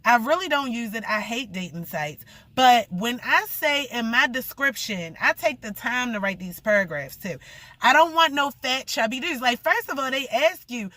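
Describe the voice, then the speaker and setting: A woman's voice: high-pitched, lively intonation, unhurried, bright, forceful tone, no room sound. A young woman rambling through a blunt, profane story in a casual vlog rant.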